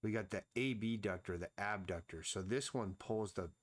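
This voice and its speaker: Streaming his drawing session live, a comic artist chats casually and thinks out loud, frequently muttering to himself. He speaks at a moderate pace in a fairly low voice.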